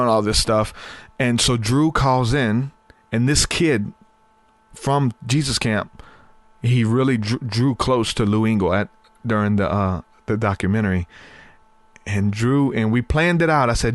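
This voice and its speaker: A man hosting a podcast, telling a story in a casual, animated way and laughing easily. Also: medium pitch, normal speed, dry recording. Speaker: podcast host.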